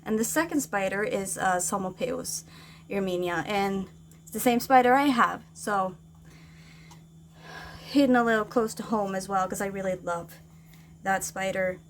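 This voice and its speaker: A woman's voice: medium pitch, a little slow, long pauses, slight background noise. Woman ranting on her vlog, agitated, talks in english. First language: Norwegian. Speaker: vlogger. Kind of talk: casual venting vlog.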